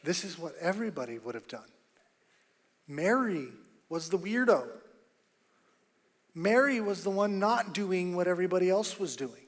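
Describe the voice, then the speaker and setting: Pastor, man, high-pitched, emphatic sermon delivery, long church-hall reverb. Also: animated, normal speed, long pauses. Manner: emphatic, rising to loud bursts, repeats key phrases. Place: church auditorium.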